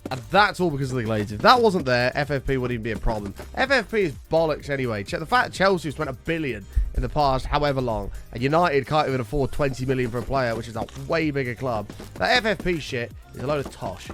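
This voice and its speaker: Ranting British man with lively pitch. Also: quick pace, hardly any pauses, faint music behind. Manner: heated ranting, frequent swearing, chatty asides to viewers. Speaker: live streamer. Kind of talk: casual live-stream chat.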